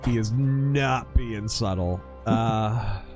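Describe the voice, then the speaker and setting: A man streaming a mech game and chatting casually, an animated storyteller who acts out quotes. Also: fairly low pitch, drawn-out words, over music. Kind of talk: casual live-stream chat.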